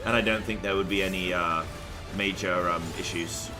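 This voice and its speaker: A man's voice: sits low, steady tone, normal speed, over music. A young man chatting loosely on a game stream, rambling with fillers and the odd swear word. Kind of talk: casual live-stream chat.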